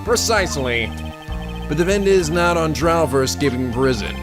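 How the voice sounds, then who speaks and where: A man voicing a stern, proud young male prosecutor in a crisp, formal, haughty voice, dubbing a video game. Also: on the high side, expressive, a little fast, close to an everyday voice. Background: game music.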